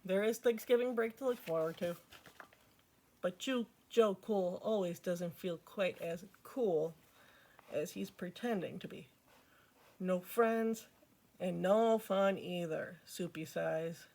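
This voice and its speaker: A woman's voice: fairly low pitch, measured pace, mellow. A woman reading a picture book aloud to children as a storytime host, with chatty asides to her listeners.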